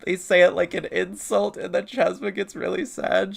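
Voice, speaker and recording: Still up near four in the morning, an artist answers chat while drawing on stream, wandering from topic to topic and laughing often. The delivery is level and creaky, held intentionally higher than the natural voice.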